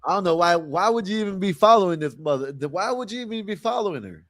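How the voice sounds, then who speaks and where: High-voiced man giving blunt commentary. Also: lively intonation, fast, crowd noise, noisy background. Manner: blunt, profane, rhetorical questions. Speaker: livestream host reacting to a clip. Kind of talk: casual live commentary.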